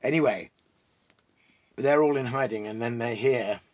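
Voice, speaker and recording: A man reading a children's story aloud in a gentle, musing way, pausing and restarting as he retells the plot. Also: mid-range voice. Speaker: reader and storyteller.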